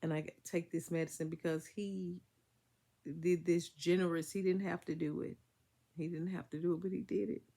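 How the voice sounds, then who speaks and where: Woman vlogger, fry in the voice, casual and emphatic, a bit under the weather. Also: lowish voice, dark tone. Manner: chatty, emphatic, Southern US vernacular speech. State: congested, recovering from illness. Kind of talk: casual storytelling to viewers.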